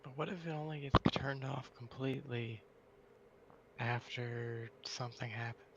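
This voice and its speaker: A man's voice: medium pitch, level tone, unhurried, vocal fry. A man in casual chat, asking tentative, hesitant questions. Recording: dull slightly noisy audio.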